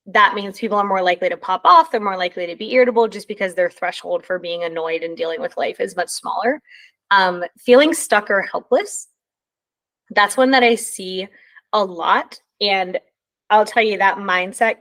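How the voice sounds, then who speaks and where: A woman talking at an everyday middle pitch in a loose, conversational way. She leans on many ums and likes and yawns now and then as she explains. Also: a bit bright. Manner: yawning. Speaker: presenter. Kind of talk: casual talk.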